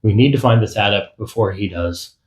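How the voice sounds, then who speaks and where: A man voicing a determined, quick-tempered young woman in an audiobook, pressing everyone urgently. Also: on the low side, echoey room, lightly acted, rough recording. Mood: insistent. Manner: urgent and insistent. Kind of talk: audiobook character voice.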